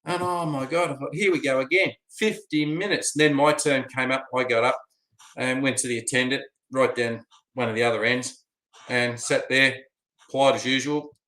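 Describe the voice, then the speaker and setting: An Australian man spins a long, rambling travel yarn, dotted with ums and uhs. His voice is bright and forceful, sitting in the middle of the pitch range. The recording has a roomy echo around it. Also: steady tone, moderate pace. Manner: rambling, chatty, with many fillers. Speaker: vlogger. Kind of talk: casual storytelling.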